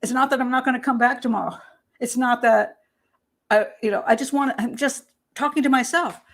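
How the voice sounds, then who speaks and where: An older American woman talks casually on her own show, her voice sitting a bit high. She is lively and chatty, laughs often, and acts out the voices of the people she quotes. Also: brisk. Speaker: host and criminal profiler. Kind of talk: casual talk show monologue.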